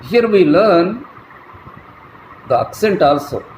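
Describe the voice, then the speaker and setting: A man giving a slow, deliberate classroom lecture as a college lecturer, spelling words out letter by letter. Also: sits high, animated, darkish tone. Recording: echoey room, faint traffic noise.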